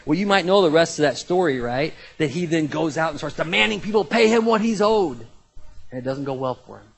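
A man preaching a sermon in a conversational, animated way, with sudden jumps in pitch and loudness. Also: fairly quick, gravelly, husky, low-quality recording. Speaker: pastor.

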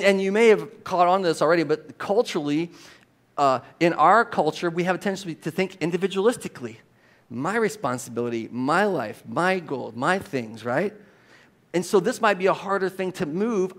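A man preaching a sermon as a pastor, emphatic and animated, with rhetorical questions to the congregation. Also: high voice.

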